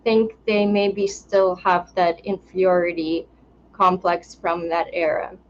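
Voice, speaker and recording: A woman's voice: lowish voice, flat delivery, slow pace. A woman co-hosting a casual podcast, chatting and reading out listener questions. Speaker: podcast co-host. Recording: dull lo-fi sound with faint noise.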